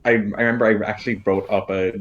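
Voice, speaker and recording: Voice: low voice, steady tone, quick pace. Hesitant rambling voice, muffled line. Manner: hesitant, full of fillers and restarts. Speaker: stream participant. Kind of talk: casual chat on a group call. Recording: lo-fi muffled audio.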